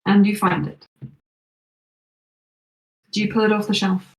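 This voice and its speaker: A woman game master describes a scene in a measured, descriptive manner for her players. Her voice sits at a middle pitch and carries a noticeable room echo. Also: flat delivery, distant mic, a little hiss or hum. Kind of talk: narrating a tabletop game.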